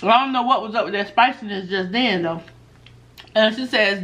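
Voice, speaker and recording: A woman chatting casually while she eats on camera, reading viewer questions aloud and answering in a laid-back, animated way that often breaks into laughs. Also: medium pitch, normal speed. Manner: animated, laughs often when telling stories. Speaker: mukbang vlogger.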